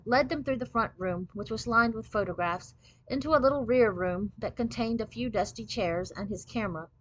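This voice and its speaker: Woman reading a kids book out loud, bright clear voice, steady pace. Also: medium pitch, no echo, lo-fi sound. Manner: clear, steady storybook narration. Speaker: storyteller. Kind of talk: reading a children's book aloud.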